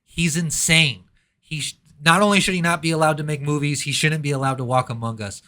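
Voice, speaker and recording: A man's voice: on the high side, steady tone, fairly quick, sharp tone. A man reviewing a horror movie in casual chat, ranting sarcastically with mock outrage.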